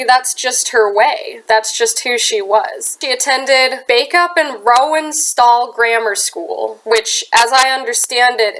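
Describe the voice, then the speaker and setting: A woman's voice: fairly high pitch, fairly bright tone, rough recording. A young woman with a Midwestern accent and a stuffy, sinus-clogged voice, hosting a true crime channel and telling the story in an earnest, chatty way with casual asides. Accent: American Midwestern. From United States. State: congested from a sinus infection. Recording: harsh, clipping home recording.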